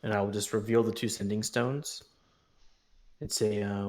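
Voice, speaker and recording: Male player, lowish voice, hesitant, goes formal in character. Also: steady tone, moderate pace, pauses often, a little mellow. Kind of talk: tabletop role-play, partly in character.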